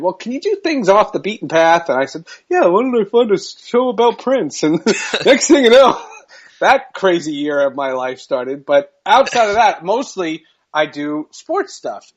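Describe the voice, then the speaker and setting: Podcast guest, male sportscaster type: chatty, lively and a bit high in pitch, laughs as he talks. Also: muffled recording. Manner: animated, chatty, laughs between phrases. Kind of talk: casual storytelling interview.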